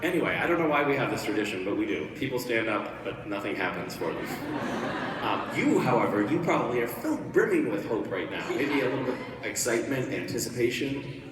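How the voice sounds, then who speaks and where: A man's voice: medium pitch, fairly quick, heavy background noise. Teasing male panel guest, distant mic, big reverberant hall. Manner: teasing, playful, deadpan jokes. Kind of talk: casual joking Q&A with fans. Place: large convention hall. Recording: echoey convention hall, distant mic, loud crowd.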